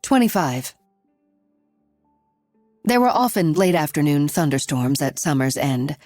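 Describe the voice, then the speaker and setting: Low-voiced woman narrating a thriller. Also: a little mellow, no room sound. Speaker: audiobook narrator. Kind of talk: scripted narration.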